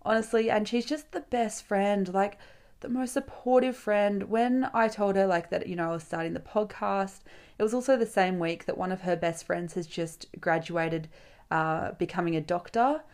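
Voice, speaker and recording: A woman's voice: medium pitch, steady tone, moderate pace, darkish tone. A young woman, hosting a casual solo podcast. She tells a personal story in a chatty way, swears freely and acts out her friends' lines. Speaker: podcast host.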